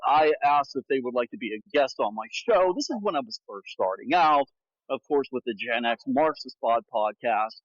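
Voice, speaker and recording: A man's voice: medium pitch, no echo. Podcast host dude talking while he walks, bit out of breath, dull dry lo-fi sound. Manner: candid storytelling, frank about bad guests. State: out of breath from walking. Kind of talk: casual chat. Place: outdoors on a walk.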